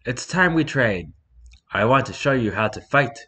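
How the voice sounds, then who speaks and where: A man's voice: medium pitch, animated, moderate pace, bright, forceful tone, slightly rough. A man reading as a male cat clan leader. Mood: encouraging.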